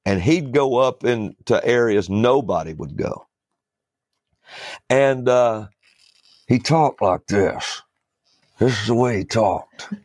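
A man's voice: medium pitch, lively intonation, slow, long pauses, darkish tone, no echo, studio quality. A man who is a preacher, telling a folksy story in a casual talk-show chat. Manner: fiery and preachy, then folksy anecdote-telling.

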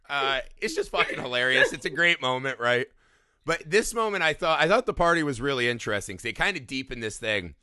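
A man in casual chat about a movie, animated, swearing freely and acting out quotes with laughs. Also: a little high, a little fast, smooth, dry recording, clean studio sound. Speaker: movie podcast co-host.

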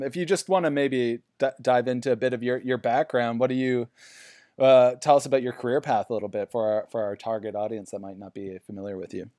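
A man's voice: medium pitch, a little mellow, no echo, studio quality. A man hosting a parody business podcast, rambling and hyped with lots of fillers. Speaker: host.

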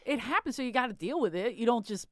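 A woman's voice: a little high, lively intonation, fast, no echo, clean studio sound. A woman telling a story in frank, chatty casual conversation, swearing now and then. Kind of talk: casual chat.

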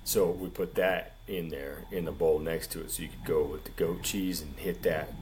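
Deep-voiced man telling a rambling story. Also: normal speed, a little hiss or hum. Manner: animated, rambling, says "dude" constantly. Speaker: podcast co-host. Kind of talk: casual storytelling chat.

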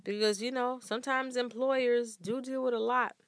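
A woman's voice: on the high side, fairly even intonation, normal speed, no room sound, studio quality. A woman vlogger speaking earnestly and emphatically to her viewers from a room at home. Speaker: vlogger sharing workplace faith tips. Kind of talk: candid talk to camera.

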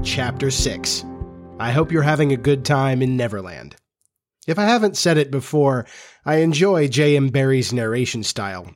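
A man hosting a storytelling podcast chats in a confiding, conversational way before reading aloud expressively, like an audiobook with a chatty intro. His voice is medium-pitched and a little mellow.

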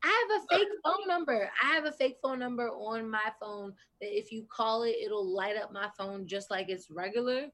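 A woman talks in a casual group discussion, her voice sitting somewhat high. She is emphatic and heated, and her volume climbs sharply when something outrages her. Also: normal speed, few pauses, fairly bright tone.

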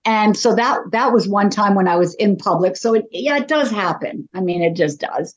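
A woman's voice: medium pitch, lively intonation, normal speed. Chatty woman on a dull lo-fi line. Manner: chatty, self-deprecating storyteller. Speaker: psychic medium guest. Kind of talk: casual interview talk.

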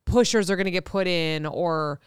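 A woman's voice: lowish voice, normal speed, smooth, no room sound, studio quality. A tired woman co-hosting a podcast, reacting eagerly and asking follow-up questions. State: tired, yawning. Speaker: podcast co-host. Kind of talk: casual chat.

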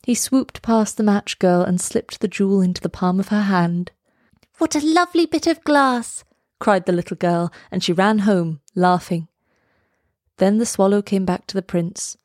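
A woman reading a fairy tale aloud, slow, lilting and expressive. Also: mid-range voice, no echo, clean studio sound. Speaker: storyteller. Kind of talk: storybook read-aloud.

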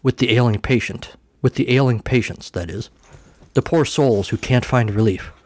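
A man voicing an odd, grandiose male adventurer who speaks slowly and with calm self-assurance. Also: medium pitch, no room sound, natural voice. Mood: solemn.

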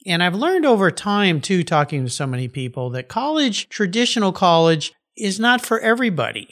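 A man's voice: high-pitched, very animated, fairly quick, fairly bright tone. A man hosting a podcast interview, talking in an enthusiastic, emphatic way. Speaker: podcast host. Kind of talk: casual interview chat.

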